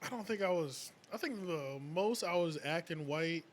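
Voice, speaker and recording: A man's voice: sits high, expressive, moderate pace, slight background noise. A man in his thirties on a podcast, chatting in a laid-back way with casual swearing. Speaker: podcast co-host. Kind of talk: casual chat.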